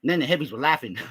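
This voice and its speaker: A man with a high, sharp voice rambles through crude jokes in improvised comic storytelling. A comedy vlogger, he swears heavily and constantly fills his speech with "man."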